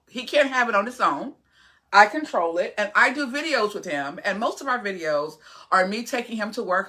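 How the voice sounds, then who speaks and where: A woman's voice: fairly low pitch, pushed and bright. A woman in her forties talking casually to her followers, chatty and earnest, rambling with many fillers and restarts. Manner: earnest, opinionated. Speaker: vlogger. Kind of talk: casual vlog talk to camera.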